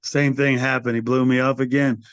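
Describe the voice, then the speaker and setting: A man in his sixties, a guest on an interview podcast, telling stories in a casual, animated way and acting out the people he quotes. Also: medium pitch, normal speed, clear, resonant tone, no room sound. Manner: animated storyteller who acts out quoted people, calls the host brother. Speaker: interview guest, metal singer. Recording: dry, slightly dull podcast audio.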